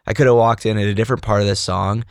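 A man's voice: lowish voice, fairly even intonation, very fast, creaky, dry recording, studio quality. A man hosting a faith podcast who speaks in a reflective, sermon-like way. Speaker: podcast host.

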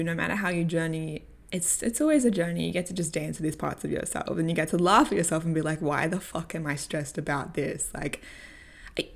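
A woman's voice: on the low side, gravelly. A young woman vlogger telling a story and giving coaching tips in a candid, casual way, swearing freely and laughing often. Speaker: personal growth vlogger.

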